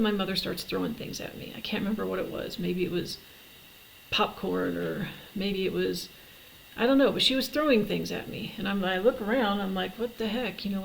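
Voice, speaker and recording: A middle-aged woman telling her life story in a personal vlog, halting and reflective, with many pauses and restarts. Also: medium pitch, gravelly, rough recording.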